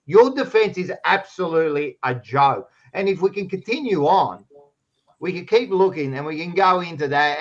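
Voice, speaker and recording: Brief: Australian male co-host, higher-pitched, teasing banter, dull lo-fi audio. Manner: teasing, needling, swears. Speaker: podcast co-host. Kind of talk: casual sports banter. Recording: dull lo-fi sound.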